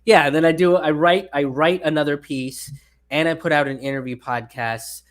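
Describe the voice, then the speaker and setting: An animated man chatting as a podcast guest. He tells stories and jumps into the voices of the people in them, and his pitch swings high when he acts out their lines. He swears casually. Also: moderate pace. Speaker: comedian guest.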